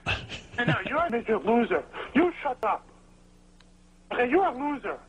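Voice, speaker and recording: A man on a phone call putting on a gruff voice to play a threatening tough-guy businessman who trades insults. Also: extremely high pitch, big pitch swings, normal speed, a bit bright, slight background noise, pitched above the performer's own voice, full character voice. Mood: taunting. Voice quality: gruff put-on voice. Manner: insulting, trash-talking. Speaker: caller. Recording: dull phone line.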